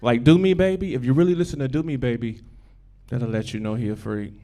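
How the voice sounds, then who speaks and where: A man doing a stand-up comedy set on a club stage into a handheld mic, profane and repetitive, swinging from loud bursts down to low mumbling. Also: brisk.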